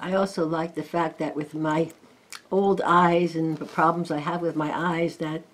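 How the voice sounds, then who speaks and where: An older woman gently chatting as she flips through and reviews a deck of oracle cards, with admiring asides. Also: low voice, level tone, moderate pace. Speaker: tarot card reviewer. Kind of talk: casual card flip-through chat.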